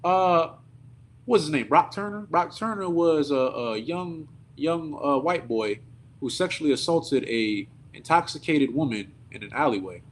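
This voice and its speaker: A man preaching at a service, telling a story in an animated, indignant, conversational way. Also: fairly high pitch, a little slow, slight background noise. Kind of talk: sermon storytelling.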